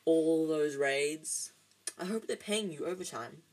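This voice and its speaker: A reader voicing a cold, sneering aristocratic wizard father who speaks slowly, quietly and with contempt in a storybook reading. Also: medium pitch. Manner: slow, quiet, drawn-out contempt.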